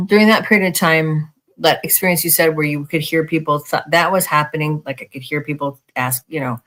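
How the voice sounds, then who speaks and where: Give me a podcast co-host chatting casually at a middle pitch, stopping and restarting, leaning hard on "like" and "you know what I mean". The delivery feels loose and unscripted. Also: fairly quick, fairly bright tone. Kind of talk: casual conversation.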